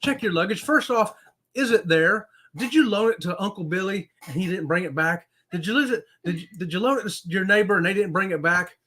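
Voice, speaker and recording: A man hosts a casual live chat. His voice sits high and bright, and he keeps things playful, cracking jokes and greeting viewers one by one. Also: lively intonation, fairly quick. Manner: playful, jokey, laughs often, greets viewers by name. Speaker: livestream co-host.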